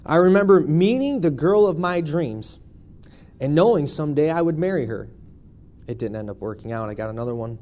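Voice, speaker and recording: A man's voice: fairly high pitch, expressive, fairly quick, darkish tone, a little hiss or hum. A man in his thirties from Buffalo, New York, giving a personal testimony in church with a wry, conversational storytelling manner. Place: church sanctuary.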